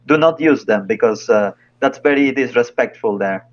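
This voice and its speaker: A man's voice: mid-range voice, normal speed, hardly any pauses, muffled recording, slight background noise. A man who works as a Japanese translator, chatting casually as a podcast guest, hesitant with many fillers.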